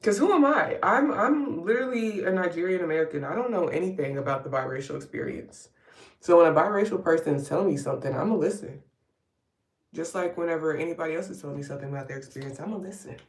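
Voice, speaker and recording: Talking fast in a fairly low, expressive voice, a woman vlogger rambles casually with wry asides while doing her makeup on a live get-ready stream. She is at home getting ready, and the sound is roomy, recorded from a distance.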